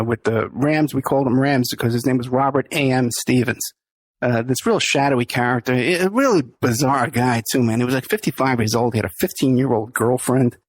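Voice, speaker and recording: A man's voice: medium pitch, breathy edge, no room sound. A middle-aged man, the podcast host, telling a story in a casual interview, laughing often and acting out the people he quotes.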